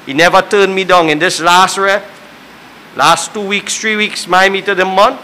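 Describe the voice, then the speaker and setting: A man speaks at a funeral in a high, bright voice, with a faint hiss under it. He gives a neighbor's tribute in a fervent, churchy way, dropping praise the Lord and amen between nearly every phrase. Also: steady tone, normal speed, low-quality recording. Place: funeral service.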